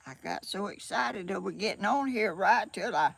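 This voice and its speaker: A woman's voice: medium pitch, animated, moderate pace, gravelly, a bit bright, husky, no room sound. An older woman with a Southern US accent, chatting casually and a bit flustered on a live stream from her home, laughing often. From Georgia, USA. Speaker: vlogger. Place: home, sunny room.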